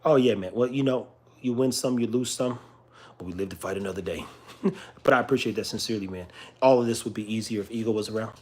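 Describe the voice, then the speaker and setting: A man's voice: fairly low pitch, fast, husky. A young man talking casually on a live stream, loose and chatty, turning between his dogs and his viewers. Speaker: dog owner streaming live.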